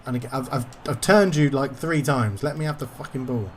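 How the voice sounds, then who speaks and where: A man's voice: medium pitch, fairly quick, slight background noise. Frustrated man commentating a football game. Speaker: gaming YouTuber.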